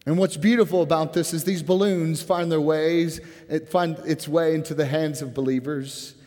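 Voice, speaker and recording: A man preaching a sermon as pastor, earnest and impassioned, dropping to a hushed tone when he prays. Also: a little high. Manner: earnest, rising to impassioned then softening to a hushed prayer. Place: church sanctuary. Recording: church hall with long reverb.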